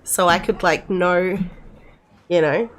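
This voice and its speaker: A woman's voice: fairly low pitch, steady tone, slow pace. A middle-aged woman, chatting casually with her live-stream viewers in a rambling way, full of restarts.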